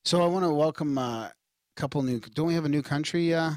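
A man's voice: fairly high pitch, fast, darkish tone, no room sound, studio quality. A man co-hosting a podcast in casual chat, laid-back and rambling with many restarts. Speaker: podcast co-host.

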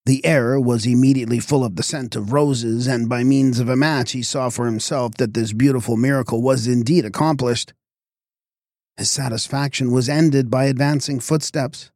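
A man's voice: medium pitch, steady tone, moderate pace, a little mellow, no echo. Man reading a story, dry sound. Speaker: audiobook reader. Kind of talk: scripted narration.

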